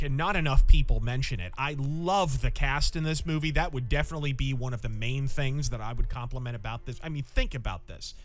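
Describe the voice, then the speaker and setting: A man's voice: on the high side, a bit bright. A male podcast host giving an enthusiastic, opinionated film review with rambling asides.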